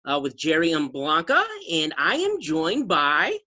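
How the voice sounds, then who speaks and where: A man's voice: on the high side, wildly swooping pitch, a little slow, pushed and bright, lo-fi sound. A man, a radio morning-show producer, hosting a casual podcast chat with friendly interjections.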